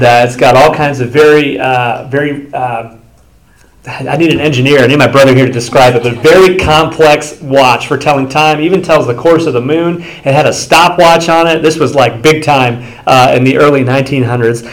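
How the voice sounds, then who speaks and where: A man's voice: mid-range voice, normal speed, rough recording. Male pastor, sermon delivery, conversational storyteller who acts out quotes. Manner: loose and conversational with restarts.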